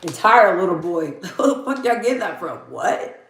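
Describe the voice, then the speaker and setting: A woman's voice: mid-range voice, lively intonation, unhurried. Chatty young woman, echoey room. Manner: laughs often, chatty, reads chat aloud. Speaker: livestream host. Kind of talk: casual livestream chat.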